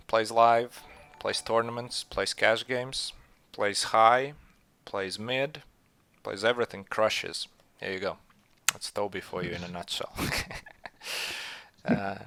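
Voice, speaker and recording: A man hosting a casual poker chat, animated and teasing, laughing often. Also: lowish voice, unhurried, no echo. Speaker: podcast host.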